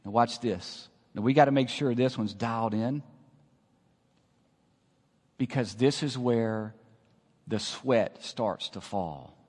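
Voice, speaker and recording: A man preaching a sermon, swinging from hushed lines to loud calls and asking the congregation to repeat after him. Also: mid-range voice, takes it slowly, pauses often, big-room sound.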